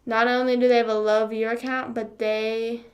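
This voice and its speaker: A woman's voice: fairly high pitch, level tone, moderate pace, dull audio. A young woman livestreamer chatting casually with her viewers, sarcastic, full of fillers and swearing. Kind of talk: casual chat with live viewers.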